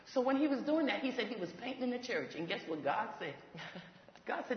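A woman in ministry telling a faith testimony, animated and laughing as she goes, acting out what others said. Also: fairly high pitch, fairly quick. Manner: animated, laughs while talking, acts out quoted voices. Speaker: ministry leader. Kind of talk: testimony storytelling. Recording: echoey hall, dull lo-fi sound.

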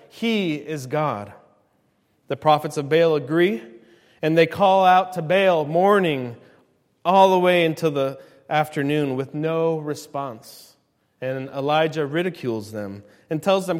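A man in his thirties preaching a sermon as a pastor, swinging from quiet, low passages to loud, ringing climaxes. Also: a little slow, in a large hall.

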